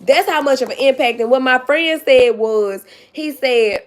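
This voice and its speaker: A woman's voice: high voice, measured pace. Emotional woman vlogging to fans. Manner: emphatic, calls viewers "baby" and "y'all". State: tearful with joy. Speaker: YouTube vlogger. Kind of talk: casual livestream chat.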